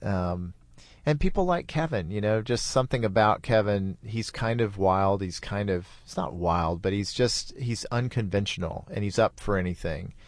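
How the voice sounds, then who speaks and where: A middle-aged man hosting a podcast, telling a story in a relaxed, chatty way and laughing easily. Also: fairly low pitch, normal speed, no room sound. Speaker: podcast host. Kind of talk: casual storytelling.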